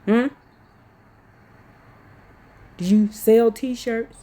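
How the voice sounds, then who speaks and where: Woman preacher scolding her crowd, kinda high voice, slow and heavy. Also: fairly even intonation, mellow. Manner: fervent, scolding, reads scripture aloud. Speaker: preacher speaking to followers. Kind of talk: impassioned preaching.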